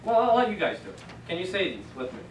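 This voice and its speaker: A man teaching a class, relaxed, leading students in repeating sounds. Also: sits high, fast, background noise. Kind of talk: classroom lesson. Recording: echoey room, voice from far off.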